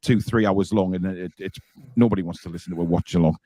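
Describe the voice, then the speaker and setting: A low-voiced, mellow man talks fast while running a relaxed live fan show, playfully teasing his co-hosts and reading viewer comments out loud. The recording has no echo.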